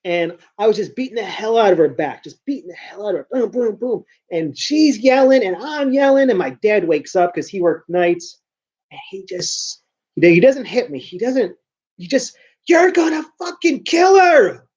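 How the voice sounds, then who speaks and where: A man's voice: high voice, expressive, normal speed, a little mellow, dull audio. A man talking casually to camera in a rambling vlog monologue, often restarting and repeating words. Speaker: vlogger.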